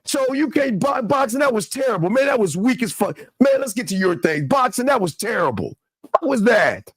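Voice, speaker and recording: A man's voice: very high-pitched, sing-song, normal speed, breathy edge, no echo. A man hosting a live call-in show, talking bluntly and swearing while he mocks a clip. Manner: blunt, cursing, mocking. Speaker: podcast host. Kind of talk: casual live call-in talk.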